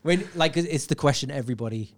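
A man's voice: medium pitch, brisk. A man with a mixed accent blending Scouse, Irish and American sounds, telling rambling stories as a podcast guest. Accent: mixed English, Scouse, Irish and American. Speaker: stand-up comedian guest. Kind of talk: casual podcast chat.

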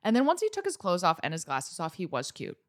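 A woman's voice: on the low side, quick pace. A young woman from the States co-hosting a podcast, trading teasing jokes and dry asides in a casual chat. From United States. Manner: playful, deadpan jokes, teasing. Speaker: podcast co-host.

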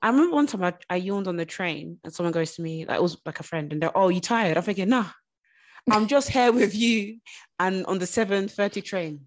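A woman's voice: medium pitch, a little fast. A woman co-hosting a casual podcast, telling stories animatedly with lots of restarts. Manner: animated storytelling with frequent restarts. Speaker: co-host.

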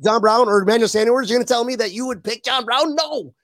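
A man co-hosting a casual sports podcast, rambling and excitable, swearing now and then. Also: very high-pitched, fast talker, no room sound. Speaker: podcast co-host.

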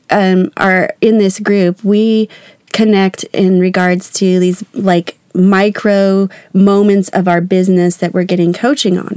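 Woman, podcast host and life coach, hoarse from a cold, loose and chatty with lots of ums. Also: medium pitch, darkish tone, no echo, studio quality. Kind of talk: casual podcast chat.

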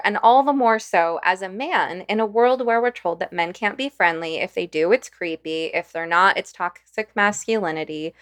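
A woman's voice: mid-range voice, a bit bright. A woman hosting a podcast interview, responding in a thoughtful, conversational way. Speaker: podcast host.

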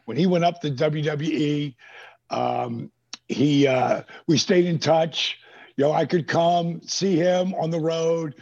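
A middle-aged man telling animated, profane stories on a podcast, acting out the voices of people he quotes. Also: fairly high pitch, slow pace. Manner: animated, profane storyteller who acts out quotes. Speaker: guest. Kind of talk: casual storytelling. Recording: dull lo-fi podcast audio.

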